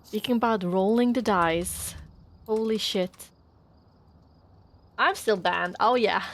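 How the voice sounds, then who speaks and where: Playful woman streamer, unhurried. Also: mid-range voice. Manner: playful, laughs often, greets chatters by name. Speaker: livestreamer. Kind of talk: casual chat with stream viewers.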